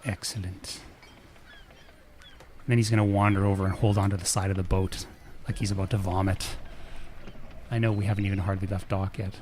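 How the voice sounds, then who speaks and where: A man in a tabletop game, describing his character's actions in third person in a casual way. His voice sits a bit low, with faint background noise. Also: little pitch movement, fairly quick, pauses often, a little mellow. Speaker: player. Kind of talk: casual role-play narration.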